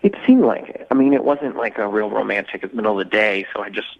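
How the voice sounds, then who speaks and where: A man's voice: on the low side, fast, creaky. A man calling into a radio show, talking hesitantly and earnestly with lots of fillers. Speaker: caller. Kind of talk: telling a dating story on air. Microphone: phone. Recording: dull phone line.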